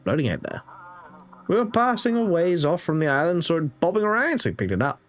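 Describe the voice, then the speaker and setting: A gruff, blunt fishing boat captain calling in over the radio, read aloud by a man. The voice sits low and moves around a lot in pitch, offhand in tone, as in a video game read-through. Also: big pitch swings, fairly quick.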